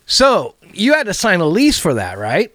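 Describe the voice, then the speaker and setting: A podcast co-host man in loose, casual chat, blunt and free with swearing. His pitch moves around a lot, and the sound is close and dry. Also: wildly swooping pitch, normal speed, a bit bright, no room sound.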